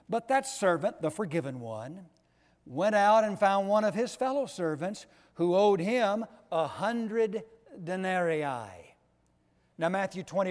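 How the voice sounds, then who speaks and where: Slow, emphatic preacher man in a hall. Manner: slow, emphatic, swings between loud stress and soft low drops. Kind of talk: sermon. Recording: long echo of a large hall.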